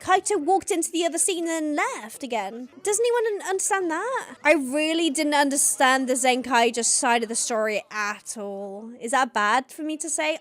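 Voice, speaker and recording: A young woman hosting a casual reaction video, excitable, gasping, laughing and swearing as she talks. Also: sits high. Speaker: host reacting to a TV show.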